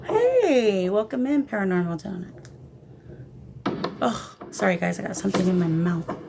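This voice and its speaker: A woman's voice: medium pitch, wildly swooping pitch, normal speed, vocal fry, background noise. A woman hosting a paranormal livestream in casual chat, greeting viewers with affectionate pet names over a phone camera. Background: shamanic drumming.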